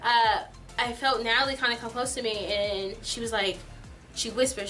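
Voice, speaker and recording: A young woman tells a storytime vlog with a bright, ringing voice pitched a little high. She chats in an animated way, full of fillers and "like". The voice sits a bit away from the mic, with faint music behind. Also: moderate pace, recorded from a distance. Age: young adult. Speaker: vlogger.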